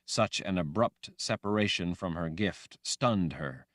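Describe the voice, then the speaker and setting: Deep, slow, expressive male audiobook narrator. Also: no echo, studio quality. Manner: dramatic, expressive reading. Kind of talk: scripted fantasy audiobook narration.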